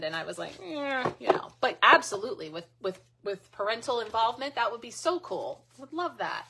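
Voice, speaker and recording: A woman's voice: medium pitch, pushed and bright, a little hiss or hum. A middle-aged woman hosting a live card reading, chatting casually and thanking viewers by name. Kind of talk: casual live-stream chat.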